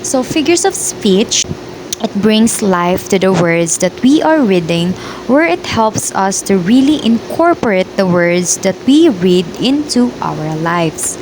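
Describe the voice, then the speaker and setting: A woman's voice: medium pitch, big pitch swings, slow pace, noisy background. A young woman student giving a formal class presentation on poetry.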